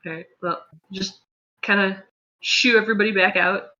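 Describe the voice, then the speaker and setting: A player in a tabletop game making dry, unhurried remarks. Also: mid-range voice, steady tone, pushed and bright, dull audio. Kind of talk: casual chat at a tabletop game.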